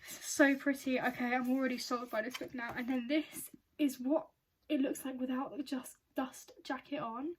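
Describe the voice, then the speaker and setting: A woman's voice: sits high, slight background noise. A woman in her twenties chatting casually through a book unboxing, gushing and self-mocking. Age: 20s. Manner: gushing, self-mocking, quick to squeal with excitement. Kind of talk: excitable casual unboxing chat.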